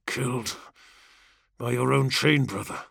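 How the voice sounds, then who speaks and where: A man voicing a battle-worn, brutal male warrior gladiator in an audiobook, gruff and blunt. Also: a little high, animated, normal speed, bright, forceful tone, no echo, clean studio sound, heavily acted. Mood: soft bitter.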